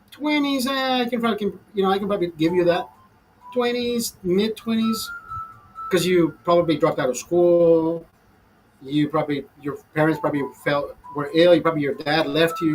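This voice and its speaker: A man's voice: on the high side, slight background noise, poor audio. A man ranting casually to his viewers over a beer, profane and fired up, calling them brother. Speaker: host.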